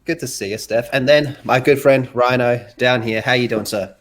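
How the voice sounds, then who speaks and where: A man's voice: medium pitch, normal speed. A man hosting a livestream show on video call, upbeat and friendly, greeting guests and reading out chat. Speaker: host.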